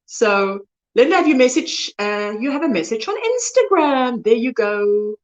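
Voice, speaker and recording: A South African woman whose first language is Afrikaans hosts a crochet livestream, chatting casually and rambling as she reads viewer comments, sometimes losing words mid-sentence. Her fairly high voice swings widely in pitch, her pace is unhurried, and the sound is lo-fi.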